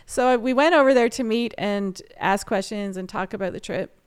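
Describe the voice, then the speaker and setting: A woman in her thirties telling a story as an interview guest, in a chatty, animated way with frequent laughs. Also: medium pitch, moderate pace, clean tone.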